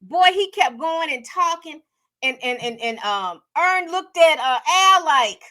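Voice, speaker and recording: A woman chatting casually through a TV episode recap, animated and full of fillers and self-corrections. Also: sits high, measured pace. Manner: chatty, animated storytelling with acted-out quotes. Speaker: TV recap host.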